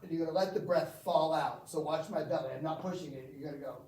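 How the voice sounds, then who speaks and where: A man's voice: a little high, fast talker, darkish tone, slight background noise. A man instructing a group in breathwork, explaining and asking the group questions. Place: gym or team room. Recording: echoey room, from far off.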